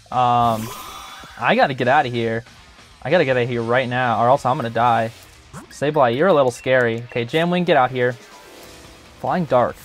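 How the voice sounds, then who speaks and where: A young man hosting a gaming channel, giving chatty, joking gameplay commentary full of filler words. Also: mid-range voice.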